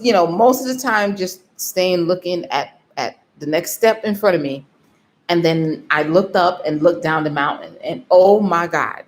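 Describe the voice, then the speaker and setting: A woman vlogger telling a story in a casual way, laughing often and acting out what she told herself. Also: fairly low pitch. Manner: animated, laughs often, acts out her own inner voice.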